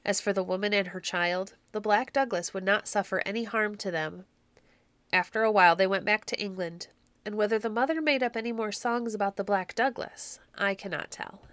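Woman, storybook narrator, measured and clear, mid-pitched, dry close recording. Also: fairly bright tone, no room sound. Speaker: audiobook narrator.

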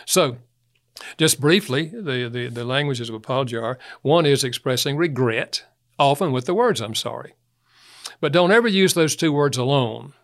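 A man's voice: medium pitch, animated, normal speed. Man, interview guest, anecdotal, chuckles often, acts out quotes. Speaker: guest author on relationships. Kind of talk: conversational interview talk.

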